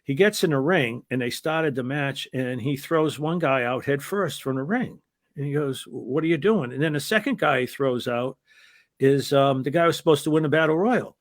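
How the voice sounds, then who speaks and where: A man's voice: mid-range voice, moderate pace, no echo, studio quality. Older man spinning rambling wrestling road stories. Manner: rambling anecdotal storyteller with restarts, lively when telling the punchline. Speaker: interview guest, former wrestling referee. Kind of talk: casual storytelling interview.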